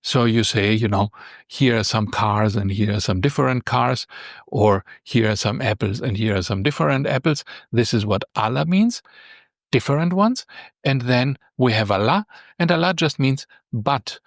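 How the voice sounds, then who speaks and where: A man teaching a beginner language lesson, explaining patiently step by step and lifting his pitch on key points. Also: normal speed, gravelly, dry recording, studio quality.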